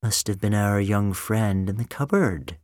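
A man's voice: fairly low pitch, measured pace, no room sound, studio quality, lightly acted. A man voicing a cold scheming female robot. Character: female killer robot posing as a woman, cold.

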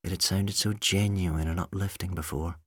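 A man narrating an audiobook in an expressive storytelling manner. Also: deep voice, normal speed, breathy edge, no echo, clean studio sound.

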